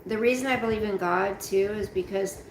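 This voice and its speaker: This woman's medium-pitched voice reverberates through a roomy room at home during her casual live chat. Tired and yawning, she rambles slowly and greets viewers in chat by name, all on a rough recording with a little hiss or hum.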